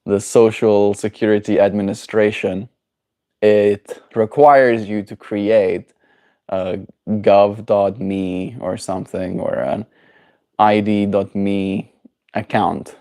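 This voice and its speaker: A man's voice: on the low side, little pitch movement, slow pace, mellow. A man chatting casually on his daily livestream, rambling and playful as he answers his chat. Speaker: daily streamer.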